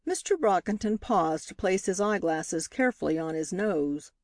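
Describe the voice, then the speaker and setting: A woman reading a novel aloud as scripted narration, lifting her pitch for the characters' lines. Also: animated, moderate pace, a little mellow, dry recording, studio quality. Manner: reads dialogue with lifted pitch for characters. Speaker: audiobook reader.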